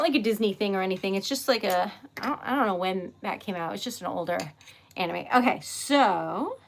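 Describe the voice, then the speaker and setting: A woman hosting a casual livestream while making wax seals, bubbly and excitable, giggling often and chatting with viewers. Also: mid-range voice, a little fast, creaky. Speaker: livestream host.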